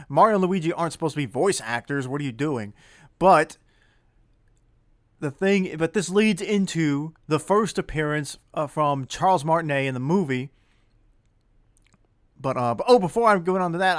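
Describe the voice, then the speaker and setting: A man's voice: a little high, no room sound, clean studio sound. A man giving a casual spoken movie review, rambling with many fillers and self-corrections and chuckling now and then. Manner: chuckles as he talks.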